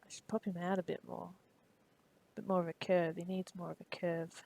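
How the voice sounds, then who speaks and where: Chatty Australian woman with vocal fry. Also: fairly low pitch, flat delivery, a little fast, dark tone. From Perth, Western Australia. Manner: chatty, answers chat, laughs easily. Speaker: streamer. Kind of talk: casual live-stream chat while modeling.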